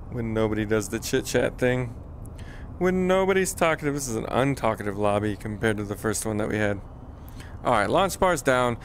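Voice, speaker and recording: Man streaming a flight game, casual self-deprecating banter, mid pitch, headset mic, faint jet noise behind. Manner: chatty, self-deprecating, talks to viewers. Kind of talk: casual live gameplay commentary.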